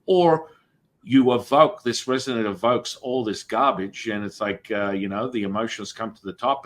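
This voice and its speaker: A man's voice: fairly low pitch, normal speed. A man hosting a podcast, talking in a meandering, reflective way about spiritual ideas. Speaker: podcast host. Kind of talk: spiritual conversation.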